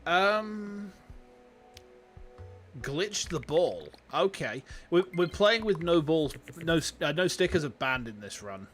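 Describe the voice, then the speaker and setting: A man with a Yorkshire accent, chatting casually and excitably while livestreaming a game, swearing freely and greeting his chat. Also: a little high, slow pace, faint music behind. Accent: Yorkshire English. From Yorkshire, England. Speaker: streamer. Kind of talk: casual gaming livestream commentary. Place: warm room at home with fans running.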